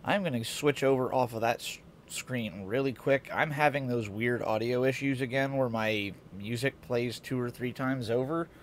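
Brief: man streaming games at home, groggy congested morning voice, rambling and chuckly, mid-pitched, slight hiss behind. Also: moderate pace, few pauses. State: sleepy morning voice, congested sinuses. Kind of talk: casual game-stream chat. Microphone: desk mic.

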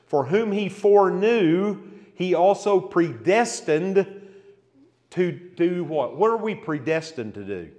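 Brief: male Bible study teacher, slightly high voice, lively scripture reading, church hall echo. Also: takes it slowly. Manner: reads scripture aloud with rising emphasis, asks the class questions. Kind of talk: expository Bible lesson.

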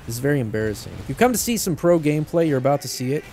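A man's voice: a little high, very animated, racing, noisy background. Rambling, joking man over game gunfire. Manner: rambling, self-deprecating and joking. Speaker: YouTuber. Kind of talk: casual gameplay commentary.

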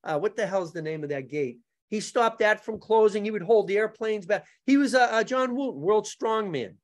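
A man as a podcast guest, telling animated stories in casual talk, laughing often and acting out other people's lines. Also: sits high, moderate pace. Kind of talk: casual storytelling.

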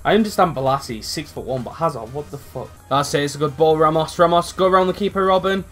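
A young man commentating his own football video game matches, excitable and rambling, swearing freely and shouting at big moments. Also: a little high, quick pace, soft background music. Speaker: gaming channel host. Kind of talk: live gameplay commentary.

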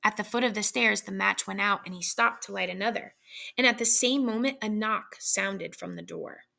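A woman narrating a story aloud in a measured, suspenseful way. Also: mid-range voice, gravelly, bright, forceful tone. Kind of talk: dramatic story reading.

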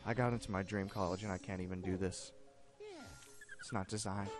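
A young man commenting on his own gameplay, excitable, self-mocking, and given to shouting at the game. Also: on the low side, slow pace, pauses often, faint music behind. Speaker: gaming video host. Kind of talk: let's play commentary.

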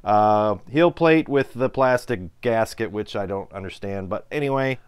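A man's voice: sits low, clean tone. Chatty Midwestern man reviewing a guitar. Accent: Midwestern American. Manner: relaxed, chatty, lots of ums and uhs. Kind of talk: casual product review.

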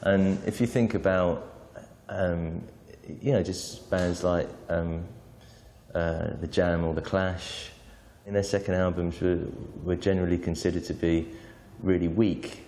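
A man giving measured, reflective commentary in an interview, with hesitations. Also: deep voice, fairly even intonation, mellow, slight background noise. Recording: reverberant room.

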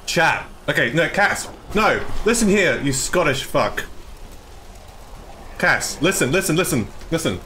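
A man with an Australian accent, live-streaming and excitedly arguing with his chat, swearing often. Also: a little high, a little slow, slight background noise.

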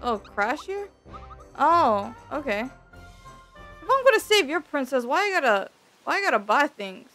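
A woman's voice: sits high, big pitch swings, unhurried, long pauses, bright, forceful tone. A young woman streaming a game, joking and teasing the characters in casual commentary. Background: game music.

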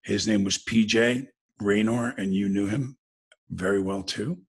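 A man with a gravelly, husky voice, chatting as a guest and telling stories in a lively, joking way. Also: on the low side, unhurried. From United States. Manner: storytelling, animated, jokey. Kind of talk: casual conversation.

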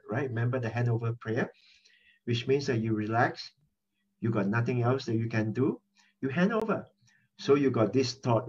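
Husky man preaching over a lo-fi line. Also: medium pitch. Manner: animated, repeats key phrases for emphasis. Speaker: pastor. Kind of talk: conversational sermon over a prayer chatline. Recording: dull lo-fi phone-line audio.

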